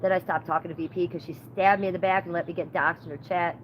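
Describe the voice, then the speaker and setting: A woman's voice: lowish voice, steady tone, fast, dull audio, a little hiss or hum. A woman hosting her own livestream, rambling through profane, gossipy stories in casual chat. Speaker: livestream host.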